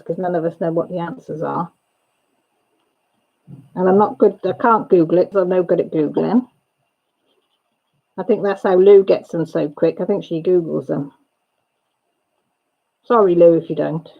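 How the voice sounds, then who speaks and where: A woman's voice: fairly low pitch, moderate pace, vocal fry, pauses often, narrow, tinny audio. A woman hosting a livestream, chatting casually and gossipily with viewers and laughing often. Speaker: livestream host. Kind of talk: casual chat with live viewers.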